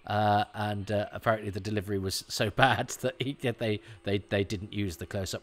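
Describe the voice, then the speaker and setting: A man's voice: fairly low pitch, brisk, few pauses. Chatty man rambling through a commentary. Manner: chatty and rambling, many restarts, animated asides. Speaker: episode commentator. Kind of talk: watch-along commentary.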